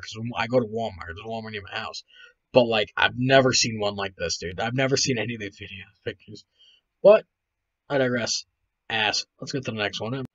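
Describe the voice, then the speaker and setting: A man's voice: medium pitch, no room sound. A man hosting a video, rambling and swearing his way through casual reaction commentary, sounding tired. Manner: profane, rambling, laughs a lot. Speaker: video host reacting to photos. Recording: dull lo-fi, dry.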